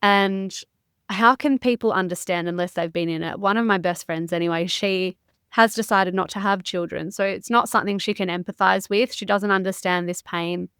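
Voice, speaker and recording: A woman's voice: mid-range voice, fairly even intonation, moderate pace, fairly bright tone, smooth, dry recording. A woman, a podcast guest talking openly and emotionally, close to tears, with some frank swearing. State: near tears. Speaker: podcast guest, mindset educator. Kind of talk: candid interview conversation.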